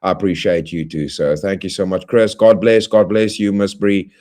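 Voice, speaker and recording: A man hosting a livestream, closing with rambling, friendly shout-outs to viewers in playful slang. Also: sits low, flat delivery, moderate pace. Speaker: livestream host. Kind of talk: casual stream sign-off.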